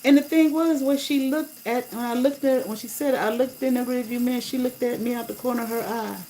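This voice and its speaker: A woman's voice: a little high, steady tone, fairly quick, mellow, a little hiss or hum, rough recording. A woman on a casual livestream, telling a story bluntly and indignantly and swearing freely. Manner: blunt, profane, indignant retelling. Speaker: livestreamer and rideshare driver.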